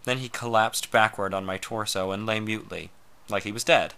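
A man reading a first-person story aloud in a slow, measured way, sometimes dropping to a hush. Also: on the low side, fairly even intonation, clean tone. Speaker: narrator.

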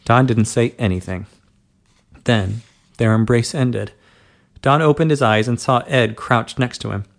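Male narrator, mid-pitched with a gravelly edge, steady unhurried story reading. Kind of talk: reading an adult story aloud.

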